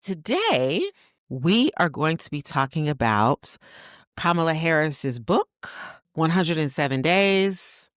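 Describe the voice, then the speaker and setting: A woman with a Southern American accent co-hosts a casual podcast, her pitch swinging widely as she talks. She laughs easily and keeps her phrasing loose and colloquial. The sound is close and dry. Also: big pitch swings, slow, no room sound. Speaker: podcast co-host.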